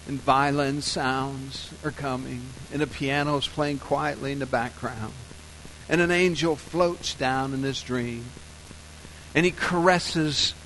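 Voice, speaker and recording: A man preaching a sermon, telling a story softly and slowly, then building to loud, emphatic points. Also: mid-range voice, a little hiss or hum, low-quality recording. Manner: storytelling, soft and slow in scenes, rising loud and emphatic for points. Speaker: pastor.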